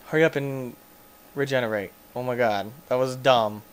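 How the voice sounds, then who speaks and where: A gaming channel host gives let's play commentary while he plays, getting excitable, yelping, and shouting in panic at the monsters in the game. His voice is mid-range and smooth, and he talks at a normal speed.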